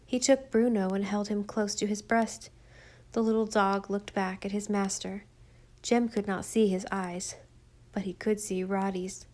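A woman narrating a children's story in a gentle, even storytelling voice. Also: medium pitch, a little slow. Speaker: audiobook narrator.

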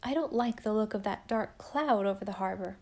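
A woman reading as a gentle, dreamy young wife. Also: medium pitch, fairly quick, lightly acted.

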